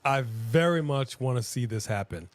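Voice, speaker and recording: A man's voice: medium pitch, animated, moderate pace, dry recording. A man co-hosting a live watch-along stream, talking casually and rambling with frequent restarts.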